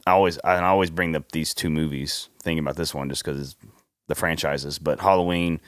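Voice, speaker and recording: A man on a casual movie podcast, sharing behind-the-scenes trivia with halting restarts. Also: rumbling low, fairly even intonation, no room sound, clean studio sound. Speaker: podcast co-host. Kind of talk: casual chat.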